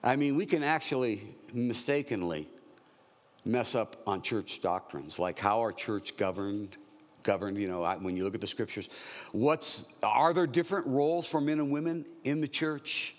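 A man's voice: mid-range voice, normal speed, in a large hall. A man in his sixties preaching a verse-by-verse sermon in a conversational, joking way. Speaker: pastor.

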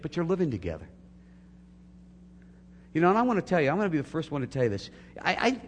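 A man's voice: on the low side, big pitch swings, fairly quick, pauses often, slightly rough. A middle-aged man preaching a sermon as a pastor, earnest and building to emphatic peaks. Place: church sanctuary. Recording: long hall reverb, faint hum.

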